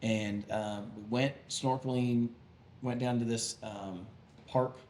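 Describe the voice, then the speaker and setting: A man's voice: mid-range voice, steady tone, slow pace, a little mellow. Male co-host, rambling casual storyteller, echoey room recording. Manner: rambling, many fillers and restarts. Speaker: podcast co-host, pastor. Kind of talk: casual chat. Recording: echoey room with faint noise.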